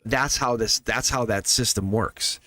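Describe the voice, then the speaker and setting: A man's voice: on the low side, a little slow, pushed and bright, no room sound, faint music behind. A man doing a live-stream tarot reading, talking in a rambling, emphatic way, repeating words and laughing often. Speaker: tarot reader.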